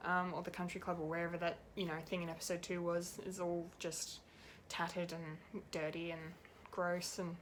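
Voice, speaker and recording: A woman's voice: lowish voice, little pitch movement, moderate pace, few pauses, a little hiss or hum. A woman giving an unscripted, rambling and emotional review of a TV episode, laughing often and swearing now and then. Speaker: pop culture reviewer.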